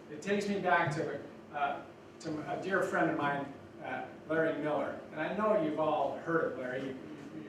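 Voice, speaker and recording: Folksy older man speaking in an echoey hall. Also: fairly high pitch. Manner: folksy, rambling with many restarts. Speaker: guest speaker. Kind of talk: speech to students. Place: college lecture room. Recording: echoey hall from far off, noisy.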